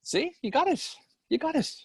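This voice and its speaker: A man's voice: extremely high pitch, big pitch swings, normal speed, gravelly, dry recording. A man co-hosting a casual live-stream chat, teasing and joking with his co-host and swearing casually. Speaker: podcast co-host.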